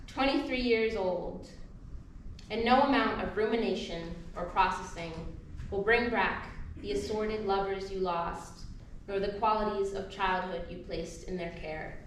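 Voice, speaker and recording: A woman performing a spoken-word poem at a live event, measured and soft at line ends. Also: mid-range voice. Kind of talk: performed poetry reading. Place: live poetry event venue. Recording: very echoey hall, mic far off, faint noise.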